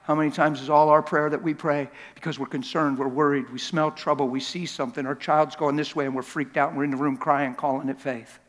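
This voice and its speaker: High-voiced impassioned man preaching. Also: little pitch movement, brisk, hardly any pauses. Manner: impassioned, acts out scenes and voices. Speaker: pastor. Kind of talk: sermon. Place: large church hall. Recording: long church hall reverb.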